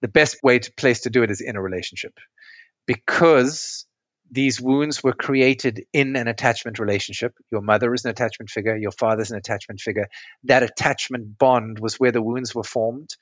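A man's voice: mid-range voice, moderate pace, dry recording. A man speaking as a relationship coach and podcast guest, patiently explaining ideas through metaphors and checking whether they make sense. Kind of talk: conversational interview explanation.

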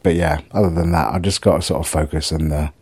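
Deep-voiced, husky man, middle-aged, for a rambling, sweary solo vlog. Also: fairly even intonation, fast talker, a little mellow. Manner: rambling, self-mocking, sweary. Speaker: vlogger. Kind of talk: casual solo video diary.

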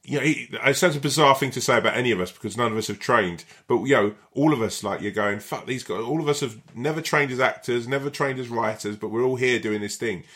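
A man's voice: mid-range voice, quick pace, hardly any pauses, fairly bright tone. A man, an actor talking casually in an interview, rambling with lots of fillers and frequent swearing. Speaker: actor and guest.

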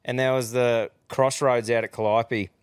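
A man's voice: mid-range voice, flat delivery, moderate pace, clear, resonant tone, dry recording. A man hosting a casual podcast, laid-back and swearing a lot as he tells long rambling yarns. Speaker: podcast host.

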